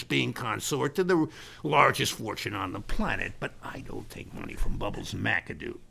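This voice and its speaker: A man's voice: medium pitch, gravelly, sharp tone, slightly rough, exaggerated voice. A man playing a boastful American businessman who calls himself a Scottish laird, talking in brash, self-important salesman bluster. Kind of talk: improvised comedy character monologue.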